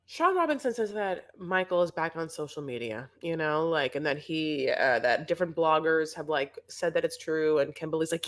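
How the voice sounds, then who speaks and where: A woman's voice: low-pitched, normal speed, hardly any pauses. Chatty, sarcastic young woman. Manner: chatty, sarcastic, rambling with fillers. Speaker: co-host of a reality TV recap show. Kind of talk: casual chat.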